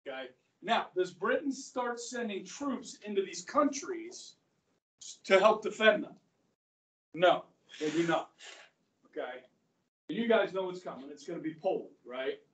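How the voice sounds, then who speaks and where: A man's voice: sits high, animated, measured pace, pauses often. A male history teacher giving a classroom lecture, chatty, asking the class questions and acting out quotes. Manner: conversational, asks the class questions, acts out quotes. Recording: roomy classroom audio from far off.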